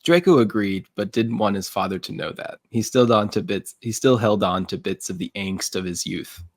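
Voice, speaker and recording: A man's voice: fairly low pitch, normal speed, no room sound. A man hosting a fan read-through, narrating his own story and chatting playfully with friends. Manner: playful, laughs often. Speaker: host and story writer. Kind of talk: reading narration and casual chat.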